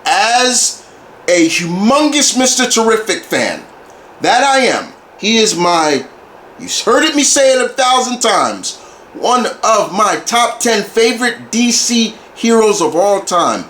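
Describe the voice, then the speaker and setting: A man's voice: sits high, sing-song, slow pace, a bit bright. A man giving a casual movie review, talking like an enthusiastic fan who often repeats and restarts his phrases. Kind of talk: casual video review monologue. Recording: roomy echo, faint background hiss.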